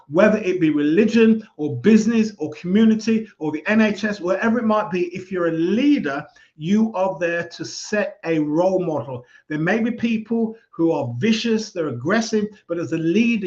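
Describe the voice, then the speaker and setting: Guy talking calm and measured, fairly high voice, dull lo-fi sound. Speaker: speaker giving life advice. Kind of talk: casual advice talk.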